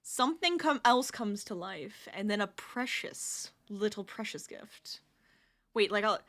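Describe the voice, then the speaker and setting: Woman, crochet streamer, casual chat, giggly, lively swooping pitch, bright tone. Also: measured pace. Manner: chatty, giggly, talks to chat and counts stitches under her breath.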